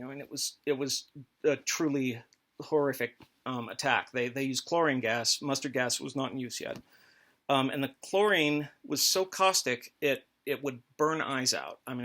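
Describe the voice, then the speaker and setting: A man's voice: medium pitch, bright, forceful tone. A man hosting a comedic history talk, rambling and mock-authoritative with crude jokes. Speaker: host.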